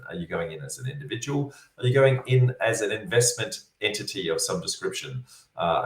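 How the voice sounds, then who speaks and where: A tired man with a very low voice works through viewer questions point by point, padding his teaching with fillers and calling his listeners folks. He sits a little back from the mic in a roomy, echoing space. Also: distant mic. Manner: instructive, repeats points, many fillers. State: tired, yawning. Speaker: property development educator answering viewer questions. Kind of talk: online Q&A session.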